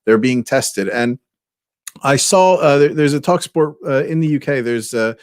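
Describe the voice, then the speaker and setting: A man co-hosts a casual podcast over a remote call. His voice is mid-pitched and unhurried, broken up by fillers and restarts, and the sound is dry and close to the mic. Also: no echo. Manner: hesitant, many fillers. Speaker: podcast co-host. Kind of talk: casual chat.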